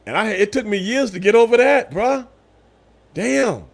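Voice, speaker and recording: Lively, animated man telling stories. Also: sits high, moderate pace, creaky. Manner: animated storytelling, loud voiced outbursts. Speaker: streamer host. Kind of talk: casual live-stream chat.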